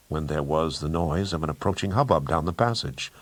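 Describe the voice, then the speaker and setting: A man narrating an audiobook thriller in a measured, dramatic way. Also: very deep voice, animated, breathy edge. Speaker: audiobook reader.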